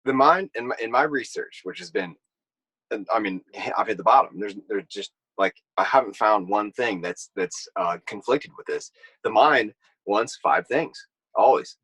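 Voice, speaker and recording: A man's voice: lowish voice, animated, moderate pace, a bit bright, husky, dry recording, low-quality recording. A man who is a mentor and speaker, talking as a podcast guest in a reflective way and laughing often. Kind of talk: casual conversation.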